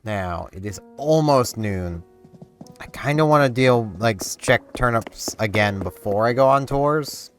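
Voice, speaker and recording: A man's voice: lowish voice, fairly bright tone. A man giving casual commentary while playing a video game, rambling and thinking aloud. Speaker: let's play gamer. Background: game music.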